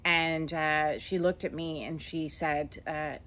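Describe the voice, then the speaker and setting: A woman in her fifties hosting her own channel, telling her life story in a slow, reflective way with many hesitant "uh" fillers. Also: low voice, level tone, a bit bright. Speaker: channel host. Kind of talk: personal storytelling monologue.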